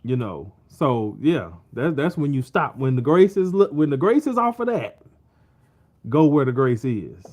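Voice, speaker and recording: Relaxed, informal man hosting a podcast. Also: mid-range voice, unhurried. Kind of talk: casual chat.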